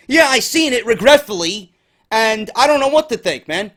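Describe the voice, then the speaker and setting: A man's voice: extremely high pitch, sing-song, fairly quick, a bit bright. A tired man hosting a wrestling podcast, ranting and cursing in exasperation. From New York. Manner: exasperated, swears constantly. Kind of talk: profane ranting commentary.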